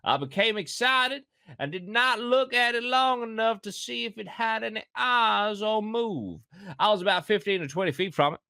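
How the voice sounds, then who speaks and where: A man's voice: creaky, bright, forceful tone, smooth, no room sound, clean studio sound, exaggerated voice. A man putting on a drawling fifty-year-old Kentucky farm woman. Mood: solemn. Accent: put-on Kentucky American. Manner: slow, drawn-out reading in an exaggerated high drawl. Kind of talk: comic read-aloud on a podcast.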